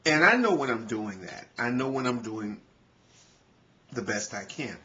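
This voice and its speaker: A man's voice: medium pitch, animated, unhurried, sharp tone, dull audio. A man vlogging in an earnest, conversational way, with frequent "you know" fillers. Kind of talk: casual talk to camera.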